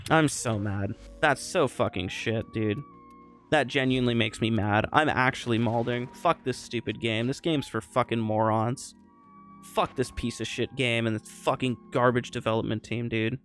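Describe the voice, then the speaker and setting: A man's voice: mid-range voice, measured pace, fairly bright tone, faint music behind. A young man playing a video game and ranting angrily, swearing often about losing a fight. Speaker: gamer streamer. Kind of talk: casual gameplay rant.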